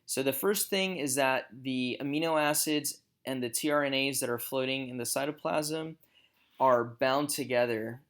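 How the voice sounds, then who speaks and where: Bright-voiced man lecturing on slides. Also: mid-range voice, moderate pace. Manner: explanatory, with small self-corrections. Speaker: professor. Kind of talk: recorded lecture over slides.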